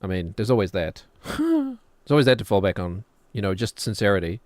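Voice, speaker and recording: A man with a New Zealand accent chats loosely while streaming and keeps tossing in jokes at his own expense. His voice sits a little low, and the recording is dry and close, with no room sound behind it. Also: wildly swooping pitch, moderate pace, no room sound. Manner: rambling, joking, self-deprecating. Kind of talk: casual chat while gaming.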